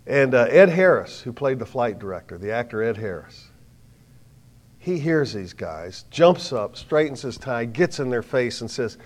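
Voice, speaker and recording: An older man preaching a sermon, telling a story dramatically and swinging from hushed tones to loud ones. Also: medium pitch, sing-song, measured pace.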